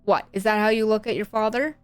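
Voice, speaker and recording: A woman's voice: medium pitch, fairly even intonation, quick pace, clean tone, no echo, soft background music, natural voice. Woman voicing a sneering, arrogant scientist father. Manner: sneering, contemptuous. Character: bitter arrogant middle-aged scientist father. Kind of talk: voicing visual novel characters.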